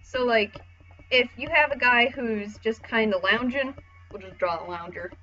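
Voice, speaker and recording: Casual female art tutor, bright tone, slightly muffled lo-fi mic. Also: on the high side, moderate pace, soft background music. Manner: chatty, casual, swears, acts out voices.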